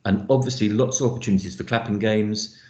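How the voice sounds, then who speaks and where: Low-voiced man lecturing in an echoey room. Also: fairly even intonation, fast, darkish tone. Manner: explanatory, thinks aloud with fillers. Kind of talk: online teaching session.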